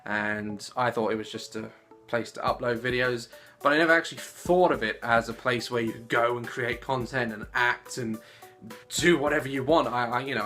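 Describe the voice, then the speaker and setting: Bright-voiced giggly young man vlogging. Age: 20s. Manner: giggly and animated, jumping into squeaky voices. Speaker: YouTuber answering fan questions. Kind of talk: casual Q&A vlog. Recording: soft music playing underneath.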